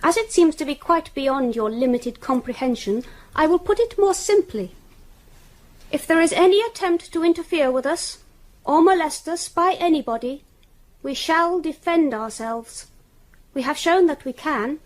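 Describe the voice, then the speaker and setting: A woman voicing a cold, superior, unnerving child in a radio drama, speaking in flat, clipped, condescending tones. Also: high voice, normal speed. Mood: icy.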